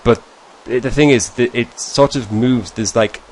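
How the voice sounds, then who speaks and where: A man's voice: medium pitch, measured pace. A man from northeast England with a northern English accent, chatting casually to his viewers and often correcting himself mid-sentence. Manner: rambling, self-correcting, chuckling asides. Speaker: vlogger. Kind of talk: casual chat over a screen share.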